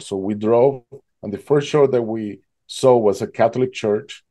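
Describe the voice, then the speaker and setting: Guest, male, halting storyteller, mellow warm tone. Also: lowish voice. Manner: halting, fills with "like" and "you know". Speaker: guest telling his survival story. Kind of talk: emotional personal storytelling.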